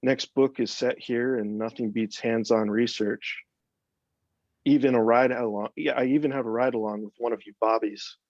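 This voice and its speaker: A man's voice: medium pitch, steady tone, normal speed, no echo, close to an everyday voice. A man voicing a nervous, rambling American horror writer with an American accent, read aloud from a story. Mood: flustered. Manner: jittery, rambling, says "man" a lot. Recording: dull, dry, lo-fi sound.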